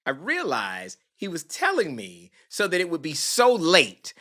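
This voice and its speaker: A man's voice: fairly high pitch, measured pace. A man, a guest on a podcast, telling a story with drama and acting out the people in it. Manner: lively, dramatic, acts out the people in his story. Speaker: podcast guest, film producer. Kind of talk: animated storytelling.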